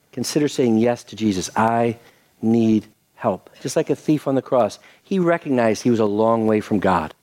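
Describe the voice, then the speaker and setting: An older man preaching a sermon as pastor, telling a story with acted-out quotes and leading a prayer. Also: mid-range voice. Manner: animated storytelling with voiced quotes, then soft prayer.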